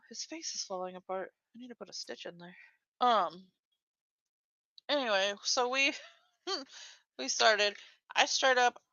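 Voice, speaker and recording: A woman's voice: fairly low pitch, dry recording, lo-fi sound. A young woman chatting casually while crocheting on a stream, telling a funny story with lots of laughter. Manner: giggly, animated storytelling.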